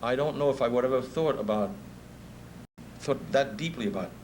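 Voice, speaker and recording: Speaking a little fast in a mid-range voice, this fifty-something music promoter with a New York accent tells lively stories in a speech and laughs a lot. The sound is poor, with slight noise in the background.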